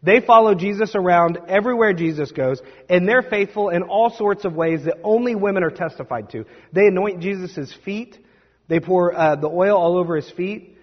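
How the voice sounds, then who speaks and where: Husky-voiced male pastor preaching. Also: sits high, moderate pace. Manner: conversational and emphatic, with asides to the congregation. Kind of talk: sermon. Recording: dull recording with long hall reverb.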